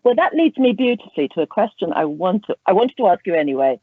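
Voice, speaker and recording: Woman host asking questions, encouraging, lively pitch, sounds like a phone line. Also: fast talker, breathy edge. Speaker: host, interviewer. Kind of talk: interview conversation.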